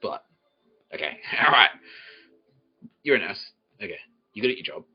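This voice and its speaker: A man's voice: on the low side, very animated, moderate pace, husky, muffled recording, faint music behind. A man hosting a comedy podcast, swearing often and laughing as he jokes with the live audience. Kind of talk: improvised comedy monologue, relaying a psychic's words.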